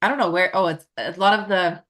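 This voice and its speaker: A woman's voice: lowish voice, fairly quick, a bit bright. A young woman co-hosting a casual podcast chat, swearing freely and laughing often while snacking. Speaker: podcast co-host.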